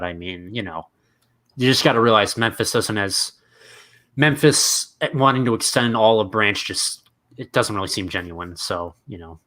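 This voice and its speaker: A man's voice: fairly low pitch, pushed and bright. A man co-hosting a casual recap show over an online call, rambling and hedging as he talks. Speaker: podcast co-host.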